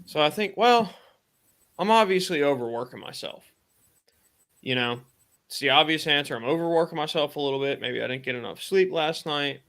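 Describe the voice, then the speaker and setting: A man's voice: on the high side, lively intonation, moderate pace, fairly bright tone. A man hosting a live stream, casually retelling a personal story in a rambling way with lots of fillers and quoted thoughts. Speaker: podcast host.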